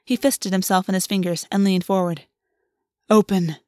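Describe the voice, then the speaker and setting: A woman narrating a novel in an even, measured audiobook reading. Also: medium pitch, dry recording, studio quality. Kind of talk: scripted narration.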